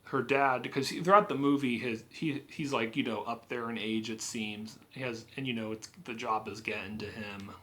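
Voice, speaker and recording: A man's voice: medium pitch, steady tone, normal speed, few pauses, a bit bright. A man giving a casual, rambling spoken movie review, with frequent filler words and restarts. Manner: rambling, full of "you know" and "like". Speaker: film reviewer.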